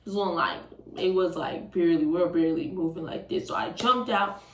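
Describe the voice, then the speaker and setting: A young woman in her twenties telling a storytime, casual and animated, swearing often. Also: on the low side, brisk, a little hiss or hum. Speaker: vlogger. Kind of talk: storytime vlog. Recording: roomy, distant from the mic.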